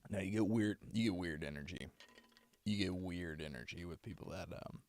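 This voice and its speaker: A man's voice: low voice, moderate pace, darkish tone. A man, a voice actor, chatting with his stream viewers in a loose, rambling way. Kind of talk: casual live-stream chat.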